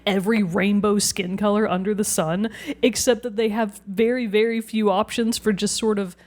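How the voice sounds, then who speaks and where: A woman's voice: medium pitch, normal speed. A young woman hosting a podcast, chatting casually and animatedly, laughing often and quoting characters in playful voices. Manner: animated, giggly, quotes characters in funny voices. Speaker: podcast host. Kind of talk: casual chat.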